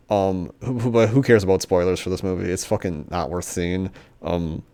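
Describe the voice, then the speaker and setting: A man's voice: on the low side, darkish tone, clear, resonant tone. A young man reviewing a movie in a casual, profane rant, rambling with lots of fillers and sarcasm.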